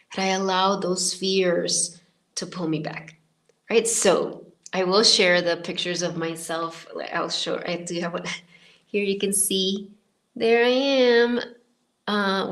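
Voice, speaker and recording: A woman's voice: medium pitch, steady tone, measured pace. A woman in her fifties hosting a podcast, telling a personal story in a casual, rambling way full of filler words and restarts. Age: 50s. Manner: chatty and rambling, many filler likes and restarts. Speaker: podcast host.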